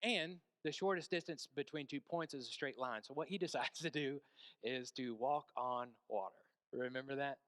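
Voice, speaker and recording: A man preaching a sermon, telling a story with hushed stretches and emphatic peaks and asking the congregation questions. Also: medium pitch, normal speed, smooth, no echo.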